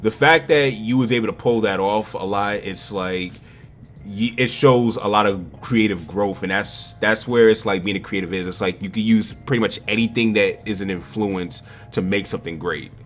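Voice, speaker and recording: A man hosting a podcast, excitable and bantering, often repeating words. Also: fairly low pitch, normal speed, faint music behind. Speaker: podcast host. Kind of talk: casual interview chat.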